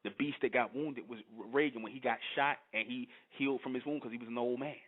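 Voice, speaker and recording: A blunt, profane man reads old scripture verses aloud and breaks off to comment on them, stumbling and restarting over the archaic wording. He keeps pressing his listeners with "you understand?" His medium-pitched voice comes through a narrow, tinny, phone-like sound. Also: steady tone, fast talker. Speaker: channel host.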